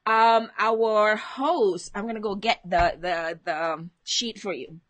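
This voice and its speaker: A woman's voice: medium pitch, slow, dry recording. A woman hosting a motivational live stream from home, chatting casually, greeting viewers by name and reading out their comments.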